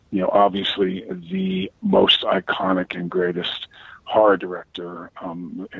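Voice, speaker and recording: A man, a guest, telling anecdotes in a casual, animated way, restarting phrases and swearing as he goes. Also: sits low, creaky, breathy edge, no echo, narrow, tinny audio. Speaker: guest, actor.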